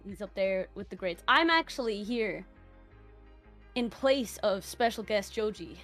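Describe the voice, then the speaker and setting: Calling in from home, a woman from Ireland is the guest on a stream, giving a mock eulogy full of swearing and bursts of laughter in casual chat. Her mid-range voice is expressive, a bit bright and a little slow, with soft music in the background.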